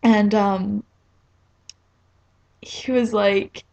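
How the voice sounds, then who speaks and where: An eighteen-year-old woman from New Jersey telling a rambling, excitable story to camera, full of "like.". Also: medium pitch, very slow, creaky, muffled recording. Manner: rambling and excitable, fillers like "like" everywhere. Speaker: vlogger.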